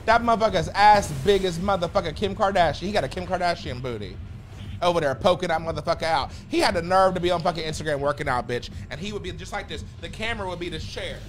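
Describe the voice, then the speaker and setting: A man streaming live, bantering with his chat in a loud, sassy, campy way and repeating phrases in bursts. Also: sits high, quick pace, a little hiss or hum. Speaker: livestreamer.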